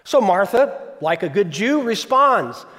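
A man's voice: high-pitched, very animated, a little slow, a bit bright. A man preaching a sermon as pastor, conversational, often asking the congregation questions. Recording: long reverb of a large hall.

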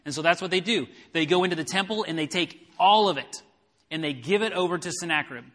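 Bright-voiced man preaching in a hall. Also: a little high, fast talker. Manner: expository Bible preaching with paraphrase. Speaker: pastor. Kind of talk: sermon. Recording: long hall reverb.

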